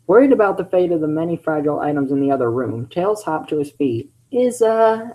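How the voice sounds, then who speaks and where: A man's voice: on the high side, fast, mellow, low-quality recording. Chatty man reading fan fiction with asides. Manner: chatty, self-interrupting, giggly asides.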